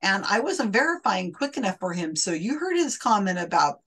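A woman's voice: medium pitch, very animated, moderate pace, a bit bright, breathy edge. A woman host explaining an investigation in a chatty, wry way, often restarting her sentences. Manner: chatty, wry, self-correcting. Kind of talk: casual explanatory monologue.

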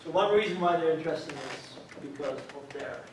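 A man giving an academic colloquium talk, explaining step by step and checking in with "right?". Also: a little high. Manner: measured, explanatory, frequent "right?" check-ins. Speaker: lecturer. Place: lecture room. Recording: echoey hall, mic far off, faint hiss.

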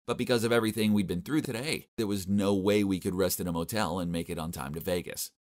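Young male narrator, deep voice, exasperated and complaining, scripted animated-story read.

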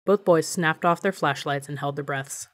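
Woman reading an audiobook, low voice. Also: normal speed. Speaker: audiobook narrator. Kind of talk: scripted narration.

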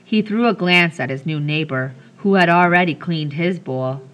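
A woman reading a children's novel aloud, telling the story gently and lightly voicing the characters. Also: fairly low pitch, normal speed. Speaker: audiobook reader.

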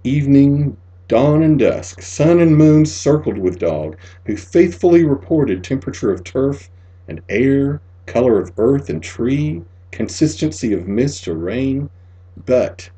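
A man narrating a literary short story as an audiobook, measured and expressive, sinking to a near whisper in the sad passages. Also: medium pitch, husky. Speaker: audiobook reader.

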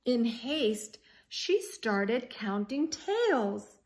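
A woman reading a children's picture book aloud as a teacher, expressive and pausing to ask her young listeners questions. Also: fairly high pitch. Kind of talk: children's story read-aloud.

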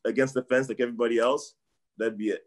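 A middle-aged Canadian man, a martial arts trainer, chats casually as a guest about sports in a mid-range voice with a steady tone and quick pace. He rambles, repeats himself, and trails off with "I don't know."

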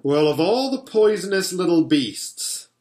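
A man voicing an eager, bossy schoolboy big brother in a storybook reading, exclaiming excitedly, in a roomy-sounding space. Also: mid-range voice, normal speed, natural voice. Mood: scornful. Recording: roomy echo.

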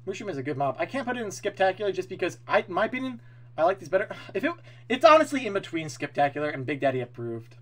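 An excitable male streamer gives loud opinions to his live chat, swearing casually. His voice sits high and swings all over the place. He talks in a quick, animated way.

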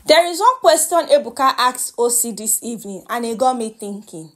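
A woman's voice: fairly high pitch, expressive, moderate pace, few pauses. A woman with a Nigerian accent giving casual, chatty gossip commentary on a reality show, slipping into pidgin and laughing along.

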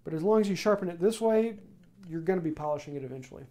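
A man hosting a live woodworking stream, answering viewer questions in a casual, rambling way with many pauses. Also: high-pitched. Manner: relaxed, rambling explanations with many ums. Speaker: woodworking channel host.

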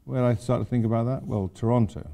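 A man's voice: medium pitch, steady tone, quick pace, gravelly, mellow. An older man, an architect giving an informal lecture, rambling through anecdotes with wry asides.

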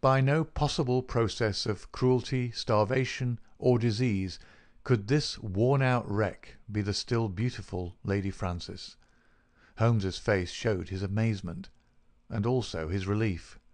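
A man narrating a classic detective story as an audiobook, measured and even. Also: lowish voice. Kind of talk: scripted narration.

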